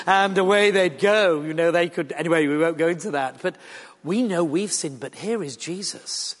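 Yorkshire preacher in a reverberant hall. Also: male voice, on the high side, normal speed, a bit bright. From Yorkshire, England. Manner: earnest, conversational preaching with wry asides. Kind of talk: sermon. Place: church or large hall. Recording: long reverb of a large hall.

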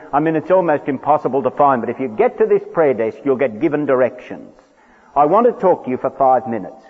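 A man preaching an earnest evangelistic sermon in a large church, pleading with listeners and slowing to a hushed voice in prayer. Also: a little high, husky. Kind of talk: evangelistic sermon with altar call. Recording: tinny phone-like sound with long hall reverb.

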